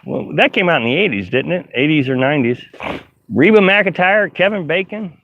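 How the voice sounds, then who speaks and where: Middle-aged man with a high voice, casually chatting with viewers from his camper. Rambles with lots of fillers, on a dull, lo-fi stream recording. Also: lively intonation, normal speed, dry recording. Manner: rambling, laughs often, many fillers and restarts. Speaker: RV vlogger hosting a live stream. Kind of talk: casual live-stream chat, reading viewer comments. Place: inside a camper. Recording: dull, lo-fi live-stream audio.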